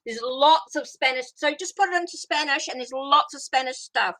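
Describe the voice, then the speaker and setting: High, bright-voiced chatty woman. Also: normal speed. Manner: chatty and rambling, greets viewers and answers their comments. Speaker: tarot reader hosting a livestream. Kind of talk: casual live-stream chat.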